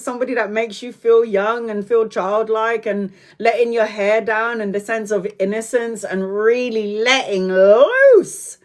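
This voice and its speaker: A woman's voice: on the high side, a little slow, few pauses, darkish tone. A woman doing a live tarot reading, chatting and often laughing while she talks, now and then stretching out phrases for emphasis. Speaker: tarot reader.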